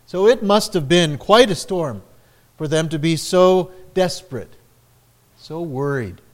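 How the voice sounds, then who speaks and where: A male pastor delivering a sermon at a deliberate, unhurried pace. His voice sits a little higher than most men's, and he lifts it for the dramatic quoted lines. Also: lively intonation. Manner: slow, measured preaching with dramatic quoted lines.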